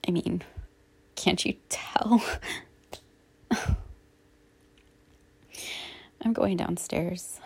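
A woman in a whispered role-play, soft and halting as she apologizes to an upset partner. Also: on the low side, vocal fry. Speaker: audio role-play performer playing a girlfriend.

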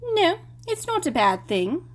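A woman's voice: very high voice, big pitch swings, voice pushed up, full character voice. A woman playing a teasing young student witch.

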